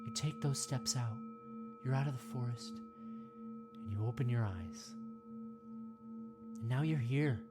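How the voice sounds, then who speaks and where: A woman guiding a parody meditation in a slow, soothing, rambling way, often asking "right?". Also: very deep voice, heavy background noise. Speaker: meditation guide.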